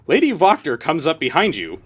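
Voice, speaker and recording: A man's voice: fairly high pitch, fairly bright tone, slightly rough. A man running a tabletop game as dungeon master, narrating in a casual way and laughing now and then.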